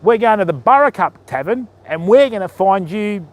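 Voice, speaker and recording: High-voiced matey Australian man. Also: lively intonation, moderate pace, a little hiss or hum. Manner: matey, chatty, greets viewers by name. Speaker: fishing live-streamer. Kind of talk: casual live-stream chat. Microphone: phone.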